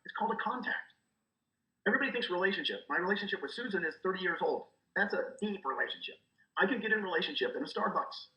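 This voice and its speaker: Animated, bright-voiced man coaching fast. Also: high voice, roomy sound, highs cut off. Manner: animated, acts out quoted dialogue. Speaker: guest, real estate recruiter. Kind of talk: energetic coaching talk.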